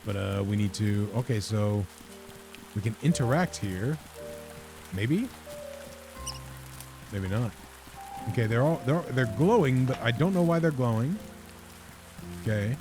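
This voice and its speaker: A man's voice: mid-range voice, lively intonation, a little slow, long pauses, music in the background. A man giving casual, rambling let's-play commentary, often laughing at himself. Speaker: game streamer.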